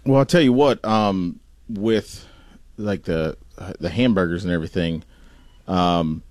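A man's voice: sits low, measured pace, darkish tone, no echo. A man on a podcast chatting casually and throwing in dry joking comebacks, then plugging a sponsor. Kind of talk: casual chat and read-in sponsor plug.

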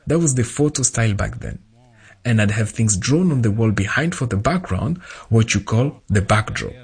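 Husky man reading a voice-over. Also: lowish voice, lively intonation, normal speed, darkish tone. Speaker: voice-over interpreter. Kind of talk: translated first-person voice-over.

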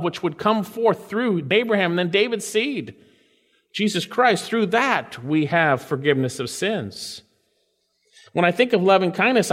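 A male preacher delivers a sermon in a church sanctuary. His voice sits a little high and carries a long echo from the hall. He reads verses with swelling emphasis, then drops low and quiet for his own remarks. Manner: reads scripture aloud with rising emphasis, then drops to soft asides.

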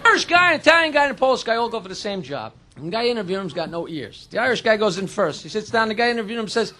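A man telling rapid-fire crude jokes in a stand-up set. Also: high voice, sing-song, pushed and bright, a little hiss or hum. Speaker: stand-up comedian. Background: audience laughter.

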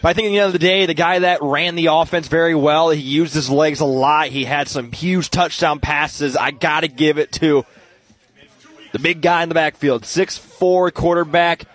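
A man giving casual post-game sports analysis, agreeable and prone to halting restarts. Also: a little high, fairly even intonation, fairly bright tone, dry recording. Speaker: color commentator.

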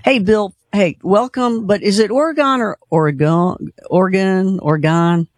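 High-voiced chatty radio host. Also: male voice, lively intonation, no room sound, clean studio sound. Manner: chatty, laughs easily, rushes to wrap up. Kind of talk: late-night call-in radio.

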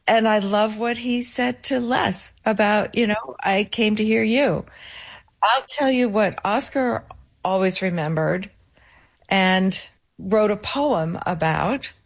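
A woman being interviewed about a musician's legacy, telling stories in a lively way and acting out the voices of people she quotes. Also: medium pitch, slow, vocal fry. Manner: lively storyteller who acts out quoted voices. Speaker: guest, keeper of a late pianist's legacy. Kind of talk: conversational interview answers.

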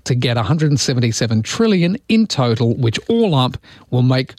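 A man's voice: medium pitch, big pitch swings, normal speed, darkish tone, no echo, studio quality. A man with an Australian accent hosting a radio show in a chatty, jokey, rambling way, his voice often leaping up. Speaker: radio host. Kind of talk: casual radio chat. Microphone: studio microphone.

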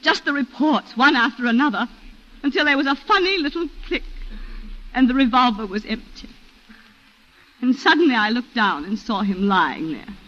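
A woman's voice: fairly high pitch, lively intonation, moderate pace, fairly bright tone. A woman in 1940s radio acting, playing a genteel planter's wife who recounts a shooting in a refined, emotional way, on a lo-fi old radio broadcast. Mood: distraught.

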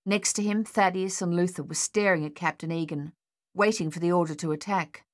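In a fairly low pitch, a woman reads an audiobook aloud from a script, her storytelling measured and steady throughout.

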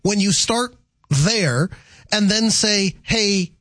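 A man's voice: high-pitched, takes it slowly, a bit bright, no echo. A man hosting a call-in radio show, thinking aloud and restarting his sentences as he works through answers. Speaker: radio talk show host.

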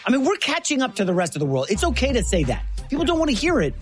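A man's voice: extremely high pitch, huge pitch swings, rapid-fire, soft background music. Chatty male sports co-host. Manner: conversational, chatty, sets up segments. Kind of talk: casual sports chat.

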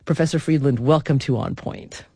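A woman hosting a radio talk show, introducing the topic and the guest in an articulate, expressive way from a studio microphone. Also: sits low, moderate pace, vocal fry, slightly rough, no echo. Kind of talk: scripted radio introduction and interview.

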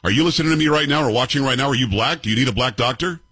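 A man's voice: medium pitch, rapid-fire, sharp tone, breathy edge, dry recording. A man in his fifties hosting a commentary show, arguing with clips in a combative, sarcastic way and firing off rhetorical questions. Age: 50s.

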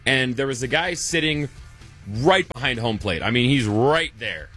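Co-host, male, bright forceful voice, wry storyteller. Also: mid-range voice, expressive, normal speed, faint music behind. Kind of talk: casual sports talk.

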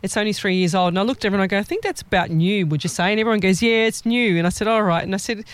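A man working as a psychic medium who chats casually and tells animated stories, acting out the voices of the people he quotes. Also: sits high, rapid-fire, clear, resonant tone, no room sound. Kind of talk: casual live-stream chat and storytelling.

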